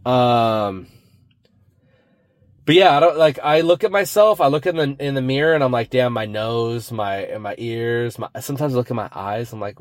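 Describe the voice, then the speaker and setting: A man's voice: medium pitch, moderate pace, dry recording, studio quality. A young man hosting his own podcast, rambling and joking about himself, often saying "dude". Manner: rambling, self-mocking, says "dude" a lot. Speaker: podcast host. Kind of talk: solo podcast monologue.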